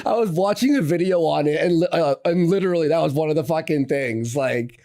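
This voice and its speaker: A man's voice: fairly high pitch, a little fast, dark tone. A man co-hosting a live reaction show, sarcastic and often laughing. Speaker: co-host. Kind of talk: reaction commentary.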